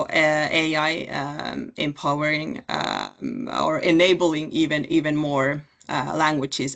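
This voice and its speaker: A woman with a low voice presents her city in an online session. She talks in a halting way, with many fillers and restarts. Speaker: city representative pitching at a webinar. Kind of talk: presentation pitch.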